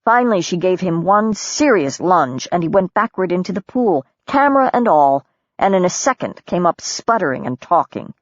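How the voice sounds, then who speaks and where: A woman with a somewhat low voice reads a novel aloud in a measured, steady way. The recording is very dry and a bit dull, with no room sound. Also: no echo. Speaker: audiobook narrator. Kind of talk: scripted narration.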